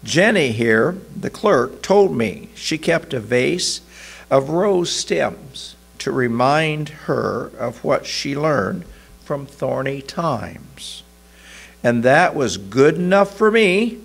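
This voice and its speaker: A man voicing a cheerful older married man in a sermon story, hearty and animated, with a creaky, husky voice. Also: medium pitch, takes it slowly, exaggerated voice.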